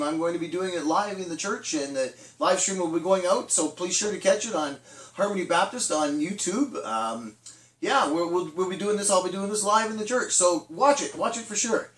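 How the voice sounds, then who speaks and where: A middle-aged man leading a casual children's church talk, chatty with restarts and acted-out quotes. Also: high voice. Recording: echoey room, from a distance.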